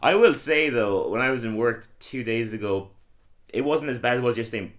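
A young Irish man co-hosting a podcast in casual chat, talking softly with a slightly croaky voice and joking often. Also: medium pitch, animated, fairly quick. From Ireland. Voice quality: soft and slightly croaky from a sore throat. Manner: joking, laid-back, laughs often. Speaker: podcast co-host.

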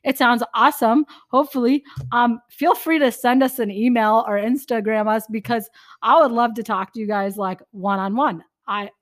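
A young woman co-hosting a casual faith podcast, chatty and animated, acting out little bits of dialogue as she talks. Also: a little high, normal speed. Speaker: podcast co-host.

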